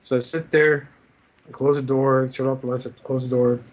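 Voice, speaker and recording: A swearing, lively man from Jersey City spins a long anecdote on a casual podcast, jumping into the voices of the people in his story. His voice sits at an ordinary male pitch. The audio is slightly dull and muffled. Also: normal speed. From Jersey City, USA. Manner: profane, animated, acts out quoted dialogue. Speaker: podcast host.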